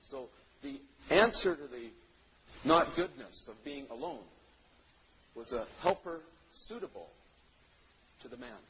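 A man preaching a sermon, reading scripture and then explaining it, with loud stressed phrases that drop to quiet endings. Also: medium pitch, big pitch swings, unhurried, long pauses. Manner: emphatic, swings between loud stresses and quiet trailing phrases. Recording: dull lo-fi sound.

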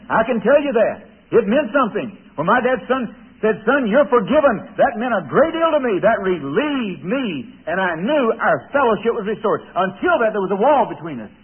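Husky-voiced folksy preacher. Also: male voice, sits high, very animated, brisk, hardly any pauses. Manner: folksy, chuckling, confiding with audience. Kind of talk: sermon storytelling. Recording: tinny radio broadcast.

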